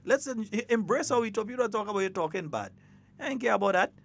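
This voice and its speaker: A man's voice: high-pitched, expressive, fast, gravelly, a bit bright. A man with a Grenadian accent hosting a casual morning radio talk show, chatty and playful, slipping between creole and standard English.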